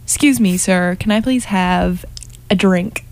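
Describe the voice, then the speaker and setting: A bashful little piece of string, put on by a woman in a slow-talking joke, hedging its way through with a shaky put-on American twang. The pitch sits in a middle range and the delivery is unhurried. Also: darkish tone. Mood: sheepish. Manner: sheepish, halfhearted attempt at an American accent. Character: cheeky piece of string trying to buy a drink.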